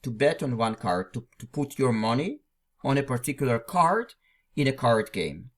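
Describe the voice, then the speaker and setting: A man's voice: medium pitch, animated, normal speed. Patient man teaching a literary text. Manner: patient, repeats phrases and restarts often. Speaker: language teacher. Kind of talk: explaining a literary text line by line.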